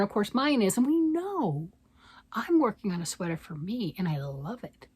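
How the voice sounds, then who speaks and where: Chatty older woman, husky voice. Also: mid-range voice, very animated, moderate pace, a little mellow, no echo. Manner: chatty, rambling, often asks "right?". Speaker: yarn vlogger. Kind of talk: casual chat.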